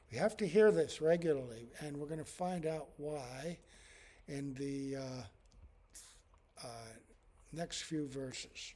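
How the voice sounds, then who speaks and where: A man's voice: on the high side, a little mellow. A man, a monk, giving a devotional scripture class in a conversational way, chuckling often and using many fillers.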